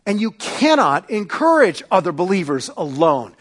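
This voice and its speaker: A man preaching a sermon as pastor, swinging from loud emphatic peaks to quiet asides, with frequent restarts. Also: on the high side, animated, moderate pace. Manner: retells stories with quoted voices, self-correcting restarts.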